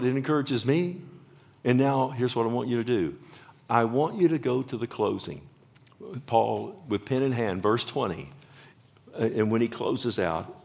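Male pastor, gravelly voice, fervent sermon delivery, drops to whispers then swells loud. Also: medium pitch. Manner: passionate, swings from loud exclamations to hushed whispers.

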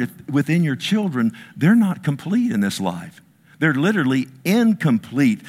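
Animated man preaching a sermon. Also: medium pitch. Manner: preachy call-and-response, asks the congregation. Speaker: pastor.

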